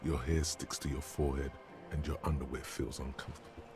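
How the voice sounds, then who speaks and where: A very deep sardonic game narrator. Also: male voice, steady tone, brisk, over music. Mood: mocking. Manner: dry, sardonic, descriptive. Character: deep-voiced omniscient male game narrator, wry and mocking.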